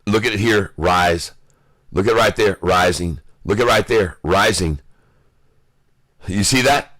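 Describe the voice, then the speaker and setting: A man giving live day-trading commentary, excitable and taunting, calling out prices and addressing viewers as folks. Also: low-pitched, a little slow, no room sound. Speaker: stock day-trader streaming live.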